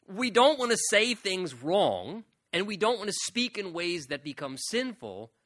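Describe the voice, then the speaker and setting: Male preacher, high and bright voice, dry close sound, casual sermon delivery that keeps breaking into chuckles. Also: no echo. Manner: conversational, paraphrases scripture in casual words, chuckles often.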